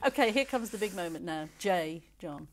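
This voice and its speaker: A woman's voice: lowish voice, lively intonation, moderate pace. A woman hosting an interview, giving short encouraging responses to her guest. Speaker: interview host. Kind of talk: conversational interview.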